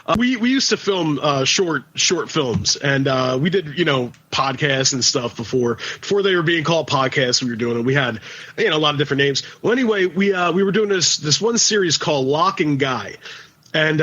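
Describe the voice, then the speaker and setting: A man's voice: on the high side, expressive, a little fast, a bit bright, highs cut off. A man co-hosting a podcast in casual chat, rambling and swearing, with many restarts. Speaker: podcast co-host.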